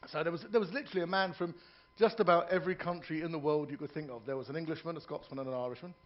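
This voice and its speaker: A man's voice: fairly high pitch, very fast, lo-fi sound. A man performing stand-up comedy in a ship's theatre, telling jokes, doing characters' voices and joking with the audience.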